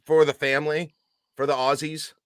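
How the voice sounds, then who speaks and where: A man's voice: a little high, level tone, moderate pace, fairly bright tone, no room sound, studio quality. A man co-hosting a casual sports podcast, jokey and rambling. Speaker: podcast co-host.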